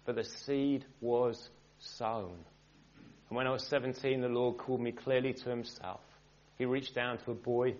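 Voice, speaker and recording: A man speaks as a minister, telling his personal faith story to a church gathering. His delivery is conversational, with light joking asides. The recording is muffled and lo-fi. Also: mid-range voice. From England. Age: 40s. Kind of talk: personal testimony in a church talk.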